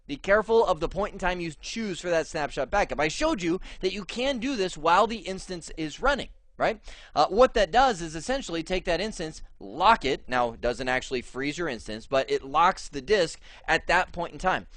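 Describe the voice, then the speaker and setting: A man walks through a cloud tech lesson in a relaxed, talkative way, often restarting his sentences. His voice sits a little high. The sound is dry and close, with no room echo. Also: moderate pace. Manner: casual and chatty, with frequent fillers and restarts. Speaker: instructor. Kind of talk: screen-share tech lesson.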